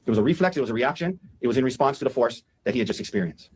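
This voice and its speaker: A man talking quickly in a husky, slightly raised voice. He lays out an opening statement to a jury in an animated way and acts out what people said as he goes. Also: mid-range voice, poor audio. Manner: fast, animated, acts out quotes. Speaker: defense attorney.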